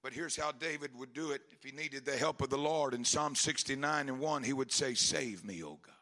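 A man preaching a Pentecostal sermon, moving from quiet, halting talk to shouted, impassioned calls. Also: medium pitch, fairly even intonation. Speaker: pastor.

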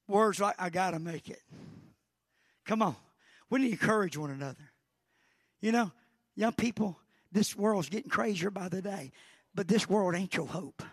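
A middle-aged man with a Southern US accent preaching a fervent Pentecostal sermon, with sudden loud exclamations. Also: high voice. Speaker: pastor.

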